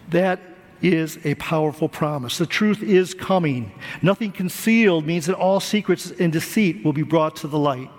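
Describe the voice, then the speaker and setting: Man, pastor, high-pitched, earnest sermon, echoing sanctuary. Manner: earnest preaching, repeats words for emphasis.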